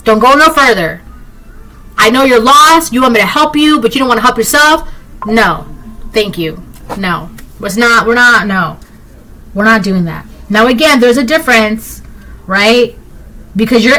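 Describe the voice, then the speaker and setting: A woman's voice: on the high side, bright, forceful tone, low-quality recording. A woman giving a collective tarot reading, blunt and emphatic, repeating herself and talking straight to the viewer. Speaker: tarot reader.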